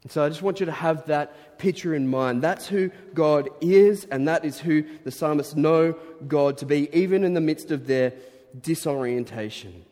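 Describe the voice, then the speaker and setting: A man's voice: fairly high pitch, normal speed, dark tone. A man preaching a sermon in a chatty, playfully self-deprecating way. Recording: long reverb in large hall.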